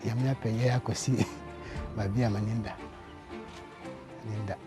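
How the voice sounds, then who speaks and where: A man's voice: on the low side, fairly even intonation, normal speed, loud music behind the voice. A man, the student's father, talks in an interview and laughs often between his words. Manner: laughs often while talking. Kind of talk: interview in a local language.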